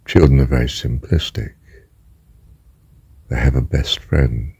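An older man speaks in a very deep, gravelly voice, unhurried and emphatic as he teaches on spiritual matters. He often sinks into a hushed, husky whisper. The sound is close and dry. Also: no room sound. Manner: emphatic, slow and deliberate, drops to a hushed whisper. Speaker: religious teacher. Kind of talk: spiritual talk.

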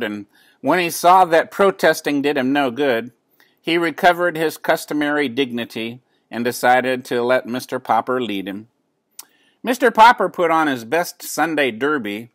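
An older man, a grandfather, reading a children's book aloud at home and pausing to explain words. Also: mid-range voice, no echo, studio quality. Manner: gentle, explains words as he reads. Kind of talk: children's storybook read-aloud.

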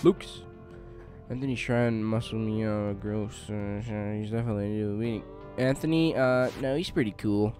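A man's voice: lowish voice, moderate pace, faint music behind. A young man giving casual let's play commentary, chatting along and yelping in panic whenever his character is attacked. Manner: excitable, yelps and shrieks when attacked. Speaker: gaming YouTuber.

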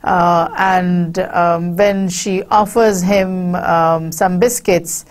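A woman with a Pakistani accent giving a university literature lecture, explaining with frequent pauses and hesitations. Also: lowish voice, fairly even intonation.

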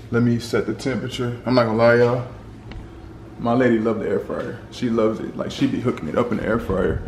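A man's voice: mid-range voice, a little mellow, a little hiss or hum. A young man chatting casually to the camera as he cooks in a home kitchen, talking straight to his viewers. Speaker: cooking vlogger.

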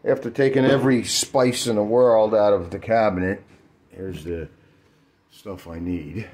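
Man, very low voice, joking co-host, casual and profane. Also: steady tone, a little slow, darkish tone, slight background noise. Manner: wisecracking, swears casually. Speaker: co-host, partner. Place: home kitchen.

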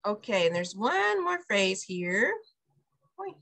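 Woman, bright clear voice, patient step-by-step teacher on a video call. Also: mid-range voice, big pitch swings, slow pace. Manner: explains step by step, repeats phrases after the teacher. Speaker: preschool director teaching Spanish to parents. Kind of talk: online Spanish lesson for parents.

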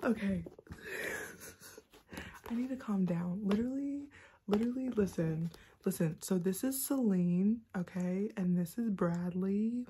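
A sleep-deprived woman in a book vlog, talking fast and giddy in a half-whisper, with a mix of Southern and Californian American accent. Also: medium pitch, mellow, a little hiss or hum. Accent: mixed Southern and Californian American. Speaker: book vlogger. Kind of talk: excited early-morning book chat.

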